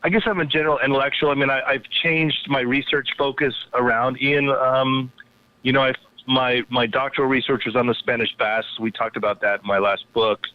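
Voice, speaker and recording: Guest: a man of medium pitch, rambling and restarting, heard through a tinny phone line. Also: steady tone, a little fast. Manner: rambling, with many fillers and restarts. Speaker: guest, anthropologist and poet. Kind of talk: casual interview over a phone line.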